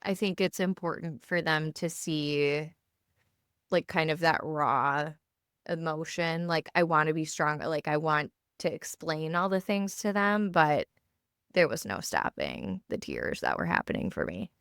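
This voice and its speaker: A woman in her thirties speaks in a low voice, chatting casually as a podcast co-host. She talks haltingly, restarting sentences and leaning on fillers. The sound is dry and close, with no room echo. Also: expressive, fairly bright tone, smooth. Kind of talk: casual chat. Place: home basement.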